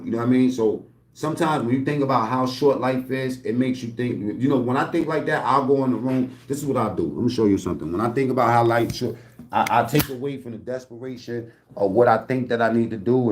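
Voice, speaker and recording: A man talking loosely and streetwise in a rambling home vlog, swearing often and drifting between asides. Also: mid-range voice. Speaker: channel host. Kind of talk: casual rambling vlog talk. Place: at home, indoors. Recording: echoey room.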